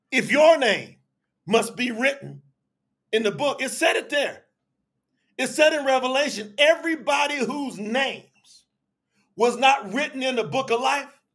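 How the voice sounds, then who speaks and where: A man preaching a livestreamed sermon, emphatic and call-and-response, shouting out to viewers by name and breaking into sudden shouts. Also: very high-pitched, breathy edge. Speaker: preacher leading an online service.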